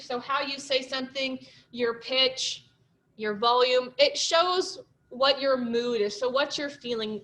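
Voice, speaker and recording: A young woman presents to her class in a loose, chatty way, with plenty of "um" and "like" along the way. Her voice sits a little high for a woman. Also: a bit bright. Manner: chatty, lots of fillers and likes. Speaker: student presenter.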